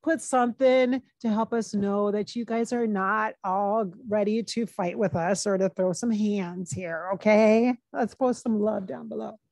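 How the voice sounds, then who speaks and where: A woman psychic medium talking in a soft, confiding way in a chatty spiritual vlog. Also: mid-range voice, fairly even intonation, measured pace, creaky, few pauses, no room sound. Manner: soft and confiding, breaking into laughs.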